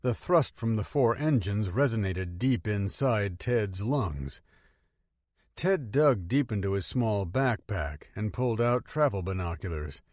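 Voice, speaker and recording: A man's voice: fairly low pitch, expressive, a little slow, darkish tone, no echo. Man narrating an audiobook, dry sound. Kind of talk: scripted narration.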